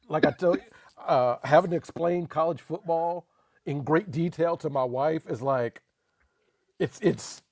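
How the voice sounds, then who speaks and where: A man with a slightly higher, gravelly voice chats loosely about sports and keeps coming back to the same points for emphasis. The sound is dry and close, with no room around it. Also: normal speed, dry recording. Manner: animated, laughing, emphatic repetitions. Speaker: podcast co-host. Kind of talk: casual sports talk.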